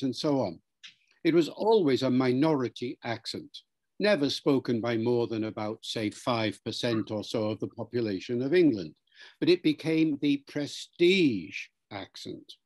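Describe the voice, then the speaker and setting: A man explains things in an unhurried, lecturing manner, like a patient expert taking a question. His voice sits at an ordinary pitch for a man, neither high nor low. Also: darkish tone. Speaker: interviewed language expert. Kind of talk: explanatory interview answer.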